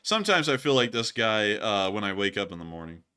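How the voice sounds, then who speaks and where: Lively, bright-voiced male stream host. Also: fairly low pitch, a little fast, clear, resonant tone. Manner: animated, laughing, jokey. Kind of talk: casual livestream commentary on war footage.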